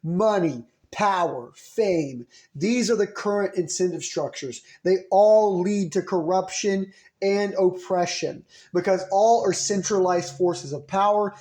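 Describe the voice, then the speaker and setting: A man's voice: high-pitched, a little slow, darkish tone. A man riffing in a comedic monologue, rambling and sarcastic, bouncing between ideas. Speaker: podcast host.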